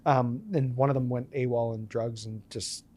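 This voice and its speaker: With slight background noise behind him, a man in his thirties speaks at medium pitch and normal speed. He's a business owner guesting on a podcast, casually telling lively stories and acting out the dialogue.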